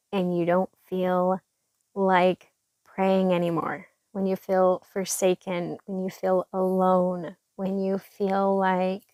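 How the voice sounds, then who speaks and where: A woman's voice: mid-range voice, a little mellow, no room sound. A woman hosting a devotional podcast, speaking earnestly and encouragingly with a stuffy, congested voice. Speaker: podcast host.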